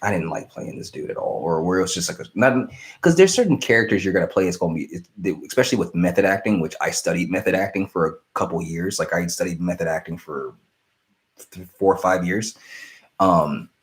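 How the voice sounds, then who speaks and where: A young man with a low voice hosts a casual live stream, answering viewer questions quickly and with animation. He rambles, cuts himself off, and keeps apologizing.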